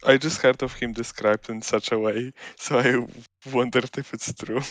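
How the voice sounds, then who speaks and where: A man's voice: mid-range voice, fairly even intonation, moderate pace, dry recording. A man with a mid-range voice and a dry, close, unechoing sound tosses short teasing remarks into a casual livestream chat.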